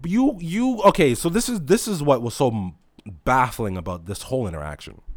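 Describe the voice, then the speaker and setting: A man's voice: mid-range voice, dry recording, studio quality. A young man who manages a store, telling a story in an exasperated, mock-incredulous rant full of swearing.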